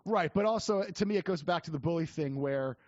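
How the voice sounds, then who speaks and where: A man's voice: fairly high pitch, brisk, a little mellow, no room sound. A man co-hosting a podcast, chatting casually about politics with many restarts and fillers. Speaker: podcast co-host. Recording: dry, dull lo-fi sound.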